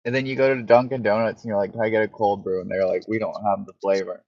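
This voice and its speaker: A man's voice: on the low side, level tone, fast talker, no room sound, highs cut off. A man in casual podcast chat, cutting in with dry, teasing quips.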